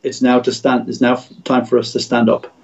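A man's voice: medium pitch, completely flat delivery, brisk, darkish tone, highs cut off. A middle-aged man, a Christian radio executive, speaking as a guest in a livestream interview over a video call, in an earnest, preacher-like way with repeated phrases.

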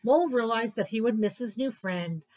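A woman librarian reading picture books aloud to children at story time, expressive and sing-song. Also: fairly high pitch, moderate pace.

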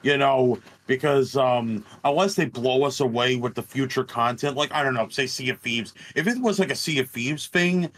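A man co-hosting a casual game talk show, animated and swearing often. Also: medium pitch, moderate pace, few pauses. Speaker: podcast co-host. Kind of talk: casual chat.

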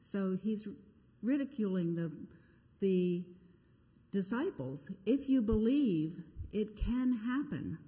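Woman pastor, chatty sermon storyteller, darker lowish voice, church reverb. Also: animated, slow, mellow. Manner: conversational, self-deprecating storytelling. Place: church sanctuary. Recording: echoey church sanctuary.

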